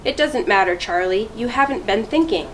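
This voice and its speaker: A woman's voice: mid-range voice, animated, moderate pace, a bit bright, a little hiss or hum, lightly acted, poor audio. A woman reading aloud as a tired father firmly lecturing his son in a storybook. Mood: stern. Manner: firm, serious lecturing. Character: stern tired father of a boy.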